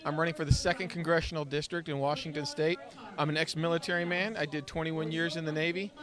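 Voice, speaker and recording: A man with a fairly high voice lays out his positions in firm, declarative statements. He speaks as a candidate pitching himself in a casual interview at an indoor event. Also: flat delivery, fast talker, crowd noise. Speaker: political candidate. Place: indoor evening gala.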